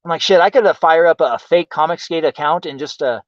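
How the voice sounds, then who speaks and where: A man's voice: fairly high pitch, fast, no room sound, distant mic, muffled recording. A man hosting a show, rambling and swearing through a casual monologue full of fillers. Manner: rambling and profane, many fillers. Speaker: host. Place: home in the countryside.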